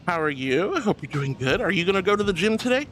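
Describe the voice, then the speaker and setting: A woman streamer in casual chat who warmly and effusively greets her viewers by name and thanks them. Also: lowish voice, sing-song, fast, faint music behind.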